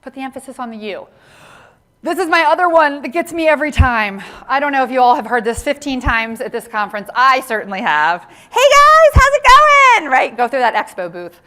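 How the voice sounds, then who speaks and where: Woman giving a conference talk, higher voice, bright and forceful, keeps asking the room "right?". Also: fairly quick. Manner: animated, tags lines with "right?" to engage the audience. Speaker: conference presenter on workplace inclusion.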